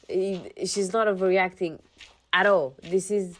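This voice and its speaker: A woman's voice: lowish voice, normal speed. A woman reading relationship posts aloud in a casual storytime, then breaking off to rant with exasperated outbursts and some swearing. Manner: reads posts then rants with animated outbursts.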